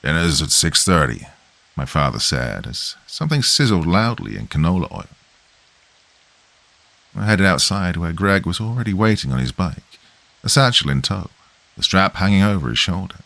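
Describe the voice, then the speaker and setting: A man's voice: low voice, vocal fry, a bit bright, no echo. A man reading a horror story aloud as a scripted first-person narration.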